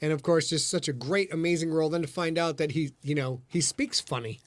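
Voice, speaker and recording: A man's voice: fairly high pitch, a little fast, no room sound. A man hosting a casual livestream chat, brash and teasing, full of jokes. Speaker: podcast host.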